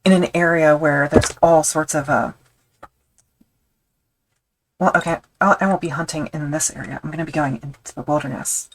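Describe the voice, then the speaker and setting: Low-voiced woman chatting while crafting. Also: steady tone, moderate pace, pauses often, slight background noise, low-quality recording. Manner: rambling, self-deprecating, thinks aloud with fillers. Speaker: leatherworking streamer. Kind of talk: casual chat while crafting on a live stream.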